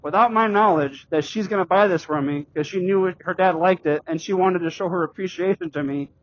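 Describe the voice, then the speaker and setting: A middle-aged man vlogging while riding a bike, telling a personal story in a halting, rambling way with many restarts and fillers. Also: high-pitched, no echo, highs cut off. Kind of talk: casual storytelling vlog. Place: outdoors on a bike.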